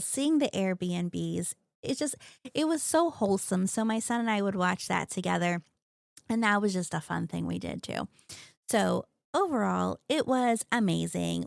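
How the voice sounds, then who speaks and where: A woman's voice: medium pitch, creaky, dry recording, clean studio sound. A woman in her thirties hosting a podcast, chatting casually and gushing enthusiastically about the books and shows she loves. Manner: gushing, chatty, animated storyteller. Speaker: podcast host.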